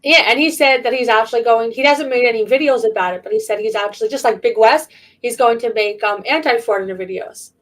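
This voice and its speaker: A woman co-hosts an online chat show, blunt and chatty in a fairly high voice. She sits set back from her microphone, so she sounds a little distant. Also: fast. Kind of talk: casual podcast chat.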